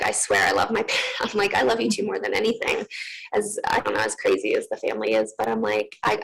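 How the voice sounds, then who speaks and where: A young woman in her twenties telling her own story as a TV interview guest. Her voice has a gravelly creak at mid pitch. She talks earnestly and rambles, with lots of "like" and "you know". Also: poor audio. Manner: earnest, rambling with many fillers.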